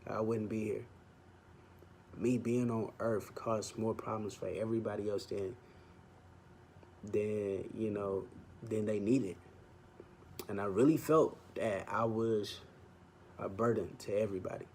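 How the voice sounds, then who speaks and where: A man's voice: fairly low pitch, steady tone, a little slow, vocal fry, long pauses, darkish tone, slight background noise. A young man hosting his vlog, speaking an earnest personal testimony straight to the camera. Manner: earnest, heartfelt, fond of "man". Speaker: vlog host.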